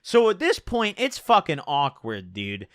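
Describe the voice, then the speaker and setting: Guy ranting a story for his channel, swears a lot, high bright voice, dry close sound. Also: a little slow, no echo. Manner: profane, animated, lots of filler "like" and "dude". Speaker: YouTuber. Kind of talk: storytelling vlog.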